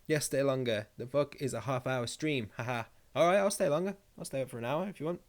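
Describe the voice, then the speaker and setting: A man chatting on his live stream in a loose, rambling way, reading viewer comments and firing off jokes. He swears freely and goes off on tangents, with a middle-pitched voice. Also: fast talker.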